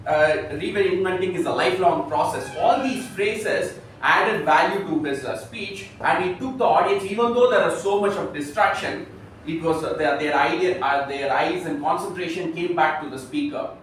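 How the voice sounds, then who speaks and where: A man giving a spoken speech evaluation at a club meeting, halting and full of fillers. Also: on the high side, fairly bright tone. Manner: halting, many fillers and restarts. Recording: echoey room, far from the mic, some noise.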